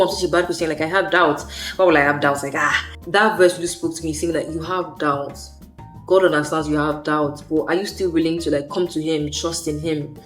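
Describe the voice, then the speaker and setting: Chatty young woman vlogging about faith. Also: deep voice. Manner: chatty, rambling, slangy. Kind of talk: casual faith vlog monologue.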